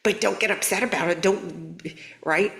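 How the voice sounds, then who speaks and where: A woman hosting a spiritual guidance video, talking in an earnest, conversational, animated way. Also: on the low side, moderate pace, creaky. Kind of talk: casual spiritual coaching talk.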